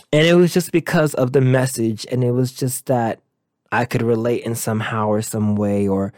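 A man's voice: medium pitch, a little mellow, no room sound, studio quality. A man hosting a motivational podcast, talking earnestly and encouragingly in a loose, rambling way. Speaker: podcast host.

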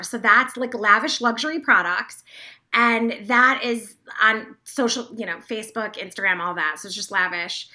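A woman guest on a podcast talking about her business in a fast, enthusiastic, rambling way. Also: a little high, bright, forceful tone. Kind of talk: casual interview chat.

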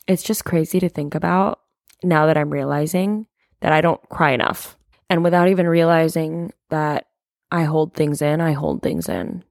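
Young woman podcaster with a deep-ish voice just talking through her feelings, tons of "like", swears a bit, dry sound. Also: sing-song, a little slow, gravelly, dry recording. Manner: open, confiding, frequent "like" fillers, casual swearing. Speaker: podcast host. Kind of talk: candid solo podcast monologue.

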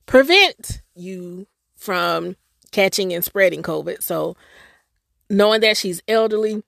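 A woman hosting a podcast, telling a personal story in an emotional, expressive way with laughter. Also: on the low side, vocal fry, no room sound, studio quality. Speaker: podcast host.

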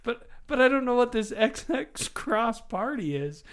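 A man in his forties, a father hosting a casual family chat, telling animated stories and laughing often as he goes. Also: extremely high pitch, a little slow. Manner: animated storyteller, laughs often, does voices for quoted people. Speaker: father, podcast host.

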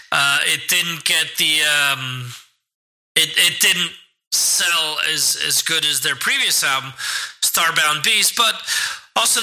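Bright-voiced man hosting a rambling podcast. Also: a little high, rough recording. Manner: rambling, many restarts and fillers. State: hiccuping. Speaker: podcast host. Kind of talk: casual solo podcast talk.

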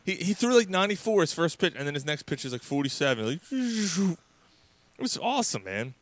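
Animated, profane man telling sports stories. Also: fairly high pitch, quick pace. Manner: animated storyteller, profane, many restarts. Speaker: podcast co-host. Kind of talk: casual sports chat.

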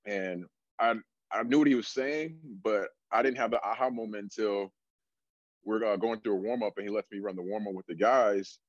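A young adult man with a fairly low voice talks through his coaching stories in an easygoing, rambling way, peppering everything with "like". The sound is dry and a little dull, as if from a lo-fi recording. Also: moderate pace, dry recording. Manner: relaxed storytelling, many fillers like "like". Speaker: strength coach. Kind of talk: casual podcast conversation.

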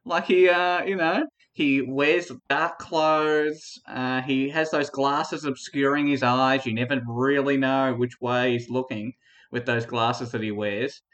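A man's voice: mid-range voice, steady tone, slow, fairly bright tone. A man co-hosting a podcast, arguing a comic mock debate against himself in a rambling, conspiratorial way with frequent laughs. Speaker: podcast co-host.

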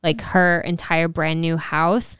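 Young woman cohost, low smooth voice, dry close mic, easygoing chat. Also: little pitch movement, fairly bright tone, no echo. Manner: easygoing, conversational, quick agreeing replies. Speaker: podcast co-host. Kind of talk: casual chat.

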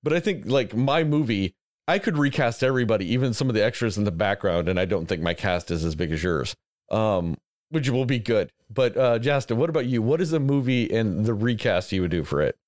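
A man hosting a podcast, chatting casually in an animated, rambling way with frequent swearing. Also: fairly low pitch, fairly quick, dry recording, clean studio sound. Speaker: podcast host. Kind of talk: casual chat.

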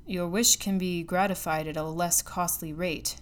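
A bitter old man of science, shut away from the world, speaks in a low, grave and measured way, voiced by a woman reading a storybook. The tone sits on the lower side. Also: fairly even intonation, natural voice. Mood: calm.

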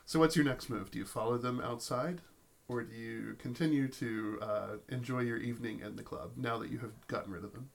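A male game master narrates a tabletop campaign in a gravelly, creaky mid-range voice. He stumbles into restarts and fillers as he spins the scene. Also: medium pitch, fairly even intonation, a little fast. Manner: storytelling with many fillers and restarts.

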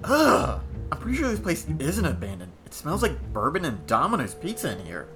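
A woman's voice: huge pitch swings, fairly quick, music in the background. A woman voicing a jumpy, frightened young explorer in a haunted house skit. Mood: scared. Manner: panicky, squeaky outbursts.

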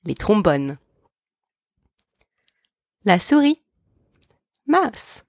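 A French teacher hosting a language podcast slowly and carefully enunciates vocabulary words for listeners to repeat after her. Her low voice is expressive, gravelly and a little mellow, recorded at studio quality with no echo.

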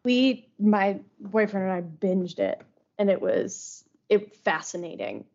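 A young woman tells stories on a podcast, lively and sometimes rushing through the details. Her pitch is mid-range. The recording is a little muffled and lo-fi. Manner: lively retelling, bursts of speed. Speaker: podcast co-host. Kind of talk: casual chat. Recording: slightly dull lo-fi podcast audio.

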